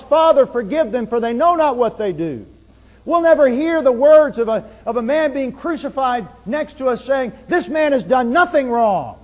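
High-voiced preacher in a reverberant hall. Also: male voice, darkish tone. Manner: earnest, rising and falling emphasis. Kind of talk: sermon.

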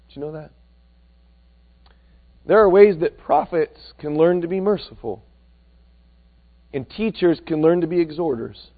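A high-voiced male preacher tells stories from the pulpit, shifting between a near-whisper and a loud push. The sound is thin and narrow, as if over a phone line. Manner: animated, swings between loud and hushed. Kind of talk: sermon with storytelling.

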